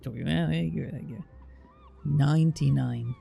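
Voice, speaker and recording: English male streamer, very gravelly and dark-toned, blunt and teasing, casual chat, faint music behind. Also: fairly high pitch. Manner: chatty, blunt, teasing, drawn-out fillers.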